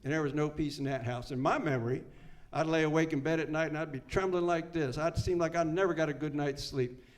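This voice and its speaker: An older man from Maryland tells his story of addiction and recovery to a meeting room full of listeners. He talks in a casual, storytelling way with a touch of self-deprecating humor. His voice sits a little on the high side for a man. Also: steady tone, brisk. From Maryland, United States. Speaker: AA speaker. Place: meeting room before a live audience.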